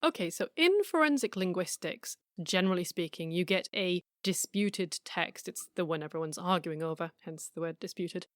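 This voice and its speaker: A middle-aged woman hosting a podcast, giving a measured, wry and argumentative scripted narration. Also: fairly low pitch, lively intonation, no room sound, studio quality. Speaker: podcast host.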